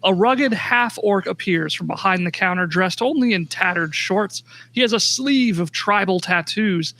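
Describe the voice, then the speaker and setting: A man narrating a tabletop game as its game master, with a high, bright voice. He jokes and swears casually between scene descriptions, keeping things loose and laid-back. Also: moderate pace.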